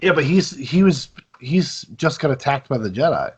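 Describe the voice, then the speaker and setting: A man co-hosting a casual movie podcast, talking in a measured, hedging, analytical way. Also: medium pitch, sing-song, breathy edge. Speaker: podcast co-host. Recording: dull lo-fi mic.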